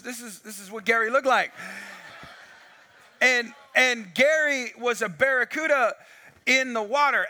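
A man preaching a sermon, telling a story with lots of acted-out dialogue, on a wireless mic. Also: very high voice. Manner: animated storytelling, acts out dialogue. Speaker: pastor.

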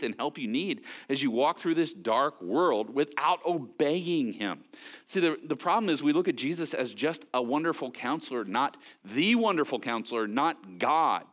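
A man preaching a sermon in a conversational, animated way, with frequent fillers and restarts. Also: medium pitch, normal speed. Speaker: pastor.

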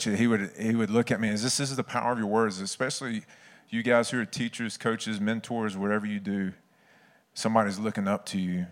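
A man, preaching a sermon in an earnest, conversational storytelling way. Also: on the low side.

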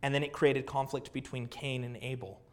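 Earnest pastor preaching. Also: male voice, medium pitch, level tone, normal speed. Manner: earnest, rhetorical questions and repetition. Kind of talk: sermon.

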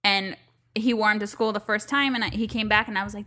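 A woman co-hosting a podcast in casual chat, animated, laughing often and acting out quotes. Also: medium pitch, a little fast. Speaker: podcast co-host.

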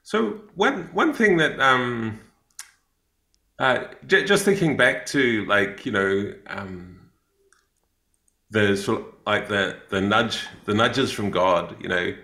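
A New Zealand man with a low, gravelly voice that still comes through bright and forceful. He tells stories in an unhurried, rambling way, full of ums and restarts, and the sound carries a roomy echo. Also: expressive. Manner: rambling, many fillers and restarts. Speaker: podcast co-host, missionary. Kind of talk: casual storytelling chat.

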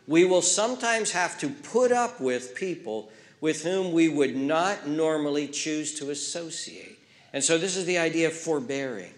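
A man with a fairly high-pitched voice preaches a sermon in a church. He leans on repetition, hammering single words again and again. His delivery rises to urgent, loud stretches and then drops to near-hushed intimacy. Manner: emphatic, repeats key words, swings from loud to hushed. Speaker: pastor.

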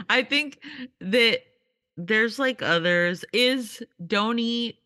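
Slow-talking bright woman, casual chat. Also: fairly high pitch, lively intonation, no room sound, clean studio sound. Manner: giggly, loose and joking. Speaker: podcast co-host.

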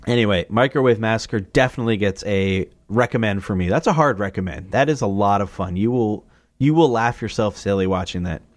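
A man hosting his own podcast, running through movie recommendations in a loose, rambling, jokey way, swearing freely and often jumping into excited, higher asides. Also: a little fast, no echo, clean studio sound. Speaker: podcast host. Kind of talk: casual solo movie review.

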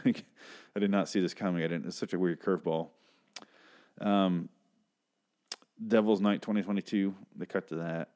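A man's voice: low-pitched, fairly even intonation, normal speed, long pauses, a little mellow, smooth. A man hosting a casual TV episode recap, talking in a rambling, chatty way with casual swearing. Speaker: show recap host.

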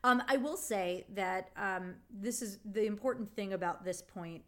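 A woman's voice: medium pitch, a little slow, a bit bright. A woman co-hosting a podcast in casual chat, giving short, dry, teasing replies. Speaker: podcast co-host.

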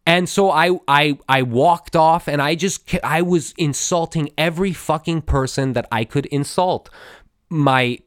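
A man's voice: a little slow, clear, resonant tone, dry recording, clean studio sound. A man in his thirties, a podcast host telling a confessional story in a rambling, profane way, full of restarts. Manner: animated, swinging up and down in pitch.

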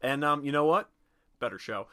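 A man co-hosting a casual movie podcast, talking in an animated way, swearing freely and acting out little quotes. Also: a little high, moderate pace. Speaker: podcast co-host.

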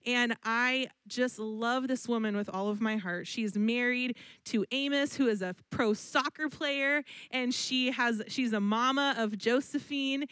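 A woman's voice: a little high, measured pace, hardly any pauses, a bit bright, smooth, no echo. A woman from the church leadership giving announcements and an affectionate, earnest introduction of the guest speaker.

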